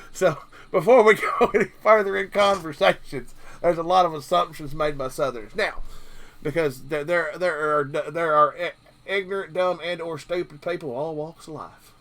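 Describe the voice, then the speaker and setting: Southern drawl guy on a live stream, kinda high voice, rambly, jokey, lots of uhs and ums. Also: moderate pace, fairly bright tone. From Kentucky, US South. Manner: rambling, joking, with frequent fillers and chuckles. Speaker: livestream host. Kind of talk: casual live-stream chat.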